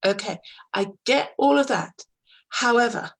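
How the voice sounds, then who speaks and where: Husky woman coaching firmly. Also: mid-range voice, moderate pace, low-quality recording. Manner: firm, emphatic, acts out example dialogue. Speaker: HR coach and guest. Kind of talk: interview over a call.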